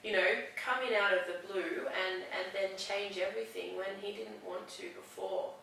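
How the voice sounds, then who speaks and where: Woman stumbling over her words in a counselling chat, bit gravelly, very roomy echo, kinda far off. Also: mid-range voice, fairly even intonation, bright, forceful tone, slight background noise. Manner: hesitant, halting, many restarts. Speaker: client seeking counselling. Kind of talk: counselling session conversation. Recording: echoey room, far from mic.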